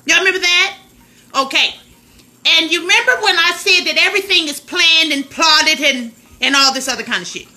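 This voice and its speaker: A woman hosting a casual livestream on her phone, loud and slangy, laughing and talking straight to her viewers. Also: very high-pitched, moderate pace. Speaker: livestream host.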